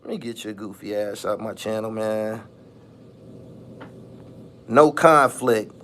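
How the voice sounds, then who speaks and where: A man's voice: fairly low pitch, slow, a bit bright, a little hiss or hum. A man hosting his own channel, ranting casually in a mocking tone, repeating phrases and laughing often. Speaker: channel host. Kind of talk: casual vlog rant.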